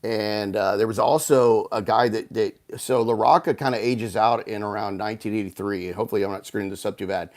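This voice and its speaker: A man from Houston, United States, appears as a guest author in a casual storytelling interview by video call, telling a long, rambling story with frequent restarts and fillers. He talks briskly with few pauses, in a steady tone on the low side.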